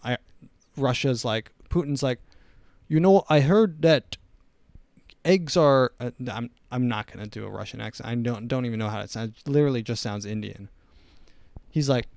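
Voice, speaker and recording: A man's voice: medium pitch, normal speed, vocal fry, smooth, no room sound. A young man hosting a comedy podcast, rambling through opinionated, sarcastic riffs in a casual monologue. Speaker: podcast host.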